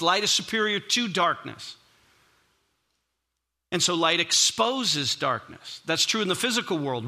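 Bright, tense high-voiced male preacher. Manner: conversational, emphatic preaching with repeated words. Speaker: pastor. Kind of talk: sermon.

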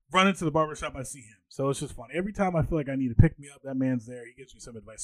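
A man in his twenties hosting a podcast, telling stories in a casual, animated way and acting out what other people said. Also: no echo. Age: 20s. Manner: animated, acts out quoted people with jumps in pitch. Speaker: podcast host. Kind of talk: casual storytelling monologue.

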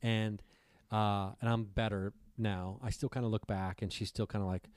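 A man's voice: fairly low pitch, steady tone, moderate pace, a little mellow, no room sound. A man telling a long rambling story in casual chat, swearing freely and acting out what people said.

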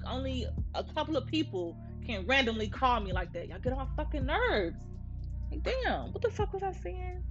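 A woman in her twenties hosting a podcast, telling a story in a casual, profanity-filled rant to her listeners. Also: medium pitch. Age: 20s. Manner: profane, animated venting to listeners. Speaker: podcast host. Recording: slightly muffled with faint music.

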